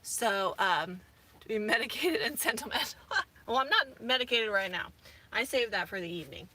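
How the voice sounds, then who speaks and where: A woman's voice: on the high side, lively intonation, normal speed, pushed and bright, slight background noise. A woman in her thirties, rambling casually with many fillers as a vlogger from inside her camper van. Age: 30s. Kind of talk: casual chat.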